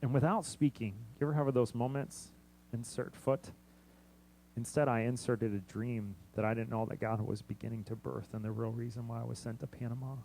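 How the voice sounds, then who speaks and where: Young male missionary preacher telling a story from the pulpit; moves between near-whisper and loud emphasis. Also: medium pitch, steady tone, a little fast, gravelly, slight background noise, poor audio. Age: young adult. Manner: storytelling, acts out quoted dialogue, swings from hushed to loud. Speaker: missionary pastor. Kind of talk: sermon.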